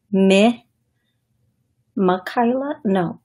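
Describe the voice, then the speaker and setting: Brief: woman psychic medium host, unhurried, halting delivery, laughs easily between thoughts, middle-pitched. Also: fairly even intonation, a little mellow. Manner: slow, halting, thinking aloud with pauses; laughs often between remarks. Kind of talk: live call-in radio show.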